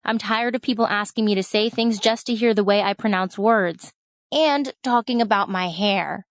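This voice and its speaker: A woman's voice: medium pitch, normal speed, no room sound, lightly acted. A woman reading the lines of an anxious girl who is tired of being the outsider and lets her complaints spill out. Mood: frustrated. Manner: frustrated, pouring out complaints. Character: anxious girl who keeps moving countries.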